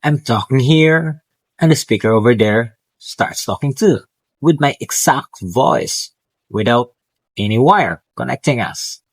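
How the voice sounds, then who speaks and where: Recorded on a clip-on wireless mic with no echo, a student vlogger casually shows off his home tech, animated and unhurried at a medium pitch. He's eager, with occasional slips and restarts.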